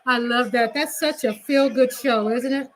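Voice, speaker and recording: A middle-aged woman hosting a live watch party, chatting and yelling excitedly at a football game, cursing now and then. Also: high-pitched, normal speed. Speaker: channel host.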